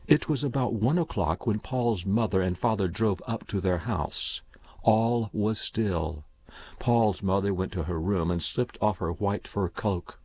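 Slow, low-voiced male storyteller. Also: no room sound. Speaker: narrator. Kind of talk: audiobook reading. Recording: slightly dull dry recording.

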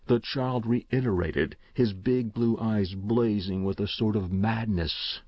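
Husky male audiobook narrator. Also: fairly low pitch, slow pace, few pauses, dry recording. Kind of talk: audiobook reading. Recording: dull, dry recording.

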